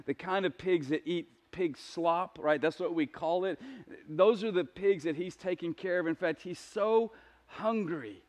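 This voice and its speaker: A male pastor preaching a sermon in a conversational, animated way, often asking the congregation rhetorical questions. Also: fairly high pitch. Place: church sanctuary.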